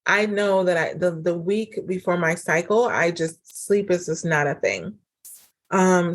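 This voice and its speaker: A podcast host and relationship coach records a casual solo episode of relationship advice, animated and chatty, even acting out quoted dialogue. Her voice sits a little low for a woman, and "like" and "um" pepper her sentences.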